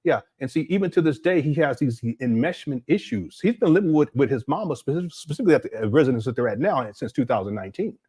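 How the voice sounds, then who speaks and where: A man's voice: mid-range voice, fast, few pauses, husky. A man giving rambling, incredulous commentary on a livestream, talking to his chat from a desk mic at home. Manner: animated, incredulous, rambling with restarts.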